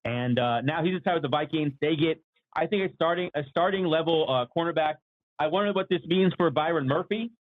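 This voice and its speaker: A man co-hosting a casual sports talk livestream, clearing his throat often and slightly losing his voice, over a tinny remote line. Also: a little high, brisk, dry recording. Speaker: podcast co-host.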